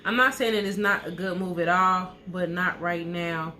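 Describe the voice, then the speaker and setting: A woman's voice: on the low side, moderate pace, pushed and bright, slight background noise. A woman reading tarot cards in a casual, reassuring way, often checking in with "okay". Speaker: tarot card reader, host. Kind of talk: casual live card reading.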